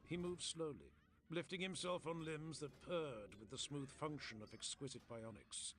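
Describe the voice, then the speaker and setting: A man narrating a story in a steady, descriptive storytelling manner, read aloud on a stream. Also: fairly high pitch, moderate pace.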